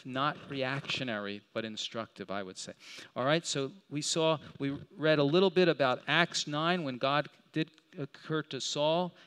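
A man's voice: mid-range voice, a bit bright, clean tone. A man teaching a Bible lesson in a sermon style, talking in a conversational way, asking his listeners questions and acting out the lines he quotes.

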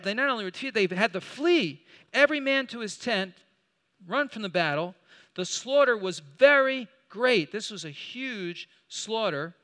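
High bright-voiced man teaching scripture. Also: clear, resonant tone. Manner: conversational, asks rhetorical questions, restarts while looking up verses. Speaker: Bible teacher. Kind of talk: Bible study teaching. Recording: long hall reverb.

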